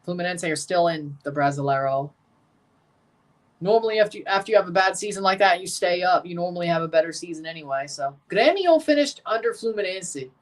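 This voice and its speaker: A man's voice: high-pitched, lively intonation, a little fast. Chatty man reacting to a football match. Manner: chatty, opinionated, talks to viewers. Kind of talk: casual livestream commentary.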